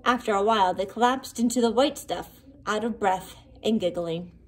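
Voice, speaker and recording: A woman reading a children's picture book aloud in an expressive, sing-song storytelling manner. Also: medium pitch, moderate pace. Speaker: storybook reader.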